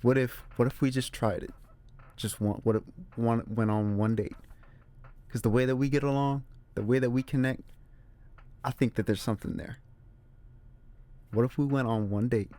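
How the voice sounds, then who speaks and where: A man hosting a casual solo movie talk, emphatic and animated, repeating his points. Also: medium pitch, normal speed, long pauses. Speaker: movie review host. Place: room with a squeaky chair.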